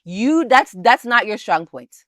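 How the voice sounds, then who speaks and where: A woman's voice: on the high side, animated, measured pace, fairly bright tone, dry recording, clean studio sound. A woman co-hosting a couples podcast in casual chat, pressing her point and restarting her sentences often. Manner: insistent, explains with many restarts. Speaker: podcast co-host.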